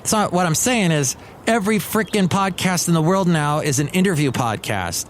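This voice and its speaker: A man hosting his own solo podcast, rambling in a casual, excitable, grumpy joking manner. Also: on the high side, fairly quick, a little hiss or hum. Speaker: podcast host.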